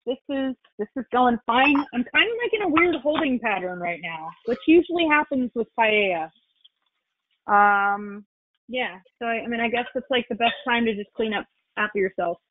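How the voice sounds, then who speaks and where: A woman's voice: fairly high pitch, lively intonation, moderate pace, slight background noise. A woman chatting casually as she cooks, explaining each step and swearing now and then. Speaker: guest chef. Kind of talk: casual cooking chat. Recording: tinny phone-like line.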